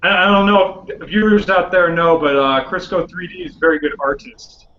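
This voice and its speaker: A young man co-hosting a podcast in a casual chat, halting and full of fillers, with dry jokes. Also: sits high. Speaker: podcast co-host. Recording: echoey room, dull lo-fi sound, faint hiss.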